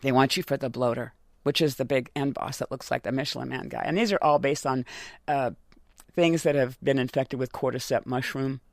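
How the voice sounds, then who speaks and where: A woman voice actor chatting in an interview, telling lively stories with frequent laughs. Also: rumbling low, brisk, no echo, studio quality. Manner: lively anecdotal storytelling with laughs. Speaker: voice actor guest. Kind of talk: casual interview chat.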